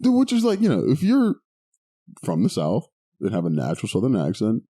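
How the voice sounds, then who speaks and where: Animated young man ranting on a podcast. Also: on the low side, fairly quick. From Pittsburgh area. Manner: animated, swearing, laughing often. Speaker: podcast co-host. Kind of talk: casual chat.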